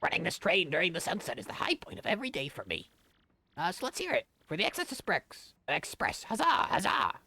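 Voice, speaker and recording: A man reading video game characters' lines aloud in a high, sing-song put-on voice. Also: huge pitch swings, a little fast, creaky, pushed and bright, no room sound, heavily acted. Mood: playful.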